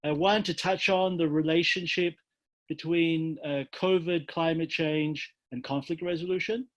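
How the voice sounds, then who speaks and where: Man guest on an online panel, lots of uh and repeats, bit higher voice. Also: fairly even intonation, unhurried, dull audio. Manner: hesitant, many uh fillers and repeats. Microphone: video call.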